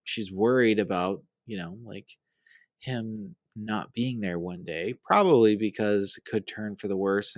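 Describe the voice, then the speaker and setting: Low-voiced man rambling through a recap. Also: dry recording. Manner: earnest, rambling, heartfelt. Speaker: podcast host. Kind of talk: casual recap commentary.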